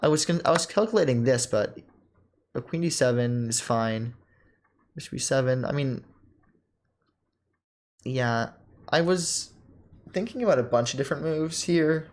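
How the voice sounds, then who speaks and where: A young man casually thinking aloud as he reviews his own chess game, often pausing with ums, correcting himself and laughing softly. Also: medium pitch. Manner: halting, self-correcting, many ums and laughs.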